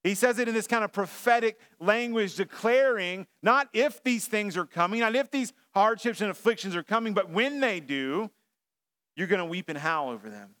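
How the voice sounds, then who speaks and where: A man's voice: sits high, animated, normal speed, fairly bright tone. Man preaching a conversational sermon. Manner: conversational preaching with frequent fillers and restarts. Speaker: pastor. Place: church sanctuary.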